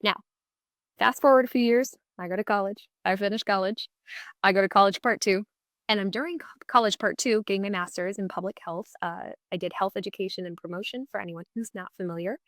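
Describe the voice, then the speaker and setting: A young woman hosts her own podcast, telling a story in an upbeat, chatty way and acting out the lines she quotes. Her pitch sits in an ordinary middle range. The recording is dry, with no room sound. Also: brisk, a bit bright, no echo. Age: 20s. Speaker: podcast host. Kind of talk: casual solo storytelling.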